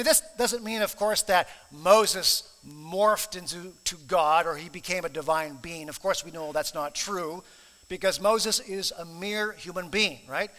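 A man's voice: sits high, pushed and bright, in a large hall. A man preaching a sermon in an earnest, emphatic way, stressing and repeating key phrases. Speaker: pastor.

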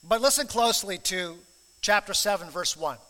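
A man's voice: high-pitched, animated, moderate pace, bright, forceful tone, long reverb tail. A man preaching a sermon in an earnest, emphatic way, stressing and repeating key phrases. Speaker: pastor.

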